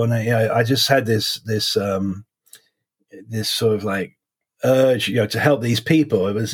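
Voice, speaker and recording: Husky-voiced man in his forties, halting. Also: mid-range voice. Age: 40s. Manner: halting and reflective, many restarts. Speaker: defense attorney. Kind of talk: interview.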